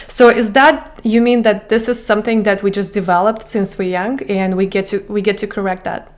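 A woman's voice: medium pitch, steady tone, normal speed. A woman podcast host with a Russian accent, a non-native English speaker asking earnest questions and searching for words. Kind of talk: interview questions.

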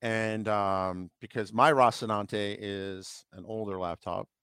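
A man with a low voice co-hosts a casual tech podcast. He chats eagerly and geeks out, with frequent ums and restarts. The sound is dry and close. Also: fairly even intonation, takes it slowly, fairly bright tone, smooth, dry recording. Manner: enthusiastic, geeky, many fillers. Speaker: podcast co-host. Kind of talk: casual chat.

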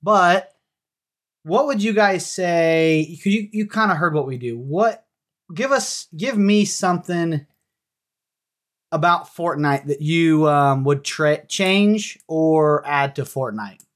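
A woman's voice: sits low, slow. A woman hosting a casual podcast, teasing and encouraging her young guests. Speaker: podcast host.

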